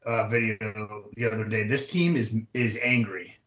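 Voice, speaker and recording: Hesitant, bright-voiced podcast co-host. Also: male voice, fairly low pitch, fairly even intonation, normal speed, dull audio. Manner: hesitant, lots of fillers and restarts. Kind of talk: casual sports podcast chat.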